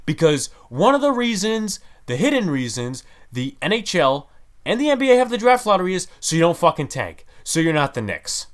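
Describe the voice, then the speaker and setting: A man's voice: sits high, sing-song, normal speed. A man hosting a sports podcast, ranting in a heated, exasperated way. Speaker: podcast host.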